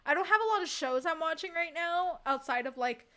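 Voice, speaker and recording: A woman with a high, bright, sharp voice, chatting casually on a livestream and answering her chat. She talks emphatically and expressively, with frequent laughter. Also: lively intonation, a little fast. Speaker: streamer.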